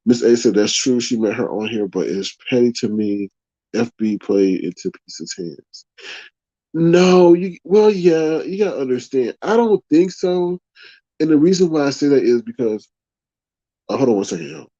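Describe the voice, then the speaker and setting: A man hosting a live online stream, talking casually to his viewers, reading their chat comments aloud and giving his take in an animated way. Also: medium pitch, moderate pace, no echo. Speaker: YouTube livestream host. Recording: dull, dry lo-fi stream audio.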